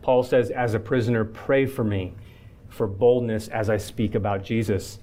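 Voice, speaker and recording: A man's voice: on the low side, steady tone, normal speed, warm tone. A man, a pastor, preaching a sermon in an earnest voice, building his points through repeated phrases.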